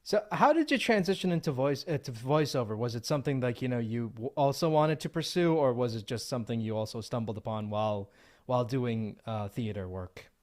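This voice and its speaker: A man hosting a casual interview, asking soft, halting questions. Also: medium pitch, animated. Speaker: podcast host, interviewer.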